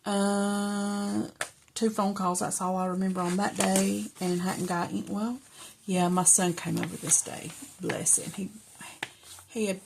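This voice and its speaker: A middle-aged woman, chatting casually and rambling softly as she journals, often dropping to a whisper. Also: mid-range voice, little pitch movement, a little slow, creaky, background noise. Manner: rambling, soft-spoken, drifts into whispers. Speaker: journaling vlogger.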